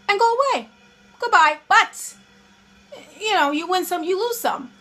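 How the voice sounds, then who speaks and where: A woman's voice: very high voice, expressive, a little slow, sharp tone, soft background music. A young woman vlogging casual dating advice, chatty and acting out both sides of the conversations she describes. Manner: chatty, acts out both sides of pickup lines.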